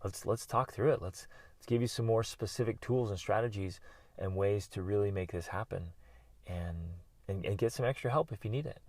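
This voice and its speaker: A man's voice: on the low side, normal speed, dry recording. A middle-aged man hosting a podcast, talking alone in an earnest, encouraging way about working through pain. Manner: earnest and encouraging, with bursts of loud yelling. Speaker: podcast host and life coach. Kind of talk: motivational solo talk.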